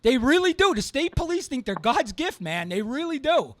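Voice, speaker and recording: A former police officer hosts a call-in talk show, speaking with a very high voice for a man. He is emphatic and hammers his points by saying them twice. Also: sing-song, moderate pace, fairly bright tone, dry recording, clean studio sound. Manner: emphatic, repeats points for stress. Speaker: radio show host.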